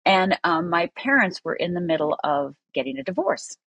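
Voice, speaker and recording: A middle-aged woman from Upper Michigan with a low, husky voice, speaking earnestly and candidly as a podcast guest. She tells her story plainly with many fillers, recorded close and dry. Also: big pitch swings, normal speed, fairly bright tone, no room sound. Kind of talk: personal storytelling.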